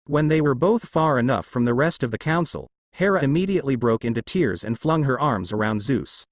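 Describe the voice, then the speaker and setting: A man narrates a fan-fiction story with a lively, rising-and-falling delivery. He reads every character in his own voice, close to a dry mic. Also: mid-range voice, a little fast, no room sound. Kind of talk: fan fiction read-aloud.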